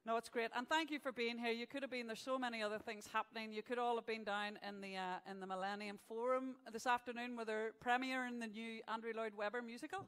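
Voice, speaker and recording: Speaking fast and barely pausing, a woman hosts a live awards event, bantering with the crowd between announcements. Her voice sits on the high side, slightly bright, clear and resonant, with fairly even intonation and a big-room sound. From the venue stage she's chatty and jokey, landing gags with punchlines as a stand-up style host.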